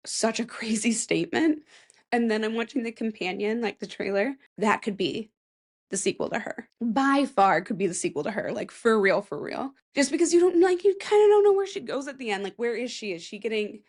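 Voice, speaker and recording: Solo podcast host, woman in her thirties, rambling and sarcastic, voice a bit high. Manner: chatty, rambling, sarcastic asides. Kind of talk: casual solo podcast chat.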